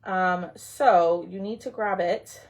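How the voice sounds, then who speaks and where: A woman's voice: on the low side, steady tone, takes it slowly. A woman hosting a casual craft tutorial livestream, chatting with her viewers and her pets while she works.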